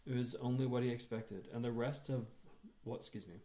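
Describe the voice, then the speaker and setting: A man reads a short story aloud with a measured, expressive storytelling delivery in a medium-pitched voice.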